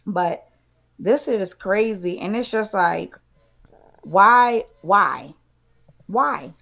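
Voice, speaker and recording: A woman's voice: mid-range voice, expressive, extremely slow, vocal fry, fairly bright tone, lo-fi sound. A woman co-hosting a casual chat show, venting indignantly about her troubles. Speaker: podcast co-host.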